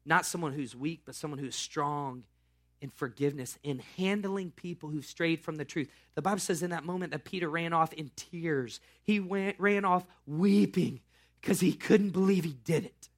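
A man pastor delivering a sermon as a casual story. His voice sits a little high, and he drops in slang as he goes. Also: moderate pace.

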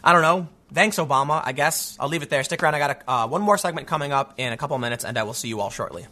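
Bright-voiced male commentator thinking aloud. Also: on the high side, racing. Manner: conversational, thinks aloud with frequent restarts and asides; hedging, weighs both sides. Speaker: political commentator hosting his own show. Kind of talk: casual opinionated commentary.

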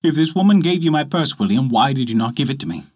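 A man voicing a young country squire in a folk tale, measured and authoritative. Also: mid-range voice, lively intonation, a little mellow, natural voice. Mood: stern.

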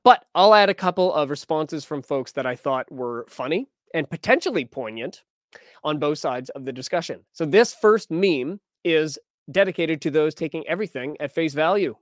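A man's voice: on the high side, lively intonation, normal speed, no room sound, clean studio sound. A man hosting a news podcast, talking casually and wryly as he reads and reacts to headlines and posts. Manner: conversational, wry, reads quotes aloud.

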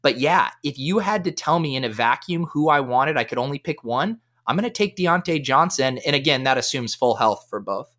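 A man's voice: lively intonation, a little fast, hardly any pauses, sharp tone. A man speaking as a guest on a podcast, talking with lots of energy and eagerness in casual chat. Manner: high-energy, eager talker.

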